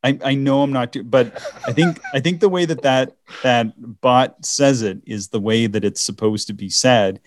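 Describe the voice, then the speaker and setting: Chatty man with a halting, restarting delivery. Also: mid-range voice, dry recording. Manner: hesitant, many restarts and laughs. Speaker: podcast co-host. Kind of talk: casual chat.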